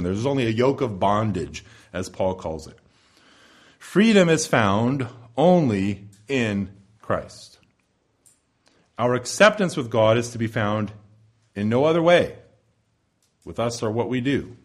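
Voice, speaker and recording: A man preaching an expository sermon in a church, emphatic, with wide swings in pitch and loudness and slowing down on key phrases. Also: very animated. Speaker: pastor.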